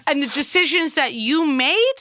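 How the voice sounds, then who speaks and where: A woman's voice: high-pitched, lively intonation, normal speed, sharp tone, dry recording, studio quality. A woman impersonating a chatty middle-aged psychic medium with a Long Island accent, rambling with many fillers in a comedy sketch. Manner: rambling, full of fillers and restarts.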